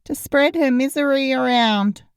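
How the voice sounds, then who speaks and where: A woman narrator voicing a teasing young man who jokes in a dry, gently mocking way, drawing out his words. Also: high-pitched, unhurried, clean tone, no echo, voice pushed up.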